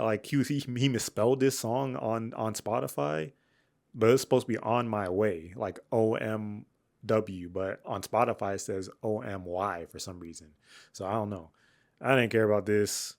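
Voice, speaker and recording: A young man giving a candid, slangy album review, rambling with fillers and restarts, dropping to low mutters and jumping up when excited. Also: vocal fry. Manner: swings between flat mutters and excited highs. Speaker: music reviewer. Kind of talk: casual album review monologue.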